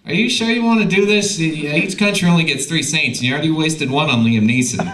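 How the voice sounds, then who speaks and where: A comedian putting on a doubtful, high-pitched Pope. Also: male voice, fast talker, lightly acted. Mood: incredulous. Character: the Pope on the phone, doubtful older man. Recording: loud noisy live club recording.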